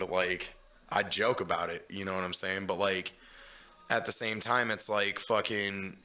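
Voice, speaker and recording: A man's voice: on the low side, bright, forceful tone. A man hosting a casual podcast chat, rambling and swearing, peppering his talk with "you know what I'm saying.". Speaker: podcast host.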